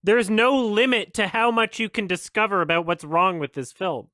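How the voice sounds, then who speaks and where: A man's voice: sits high, normal speed, sharp tone, no echo. A man giving exasperated, swearing stream commentary as a film critic, laughing often.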